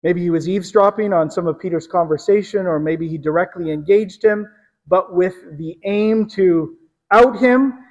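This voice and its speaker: A man preaching a sermon, telling the story dramatically and with emphasis, sometimes dropping to a hush. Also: high voice, long reverb tail, low-quality recording. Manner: dramatic storytelling, emphatic, drops to hushed tones.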